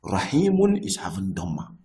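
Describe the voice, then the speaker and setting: A man's voice: high voice, wildly swooping pitch, normal speed, gravelly, warm tone, rough recording. A man teaching a grammar lesson, explaining patiently, repeating himself and restarting phrases.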